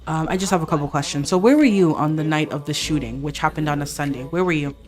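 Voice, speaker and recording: A woman voicing a calm, formal male police officer who asks questions in a stiff, overly polite way. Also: deep voice, quick pace, natural voice. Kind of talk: voicing game characters in a let's play.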